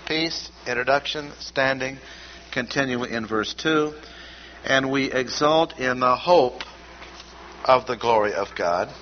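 A man teaching from scripture at a measured pace, pressing on key words and repeating them. His voice sits in a middle register. The recording is dull and lo-fi, with a faint hiss behind him. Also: medium pitch. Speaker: Bible teacher. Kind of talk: expository Bible teaching.

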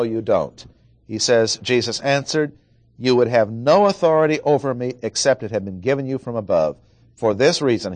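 A man preaching a verse-by-verse sermon in a medium-pitched voice. He speaks deliberately, leaning on key words and repeating points for emphasis. The sound is dry and close, with no room echo. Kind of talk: expository sermon.

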